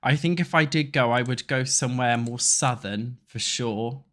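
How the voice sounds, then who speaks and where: A man's voice: medium pitch, moderate pace, a bit bright. A young British man from England chatting casually while playing a building game. He rambles and swears freely. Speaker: gaming YouTuber.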